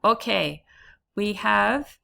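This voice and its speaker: A woman teaching a German lesson to pupils, slowly modelling each word and cheering them on. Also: mid-range voice, vocal fry, sharp tone. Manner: slow, drawn-out modelling of words for repetition; encouraging, addresses pupils as guys. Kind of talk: classroom language lesson.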